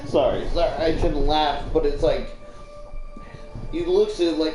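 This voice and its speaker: A young man with an Australian accent talks slowly and loosely, filling his sentences with fillers and casual swearing as he recaps a story. His voice sits at an ordinary middle pitch. The recording is roomy and echoey, with faint music underneath. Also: mellow. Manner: rambling, filler-heavy, swears freely. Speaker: YouTuber retelling a book.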